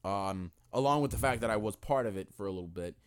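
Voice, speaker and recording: A man's voice: on the low side, fast, smooth. A young man co-hosting a podcast in a casual, profane, joking chat. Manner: animated, profane, jokey. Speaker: podcast co-host.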